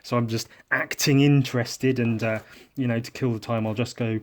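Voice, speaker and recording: A man with an English accent, hosting a drawing podcast in casual, rambling chat, sarcastic and self-mocking, often trailing off quietly. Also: mid-range voice, fairly even intonation, moderate pace.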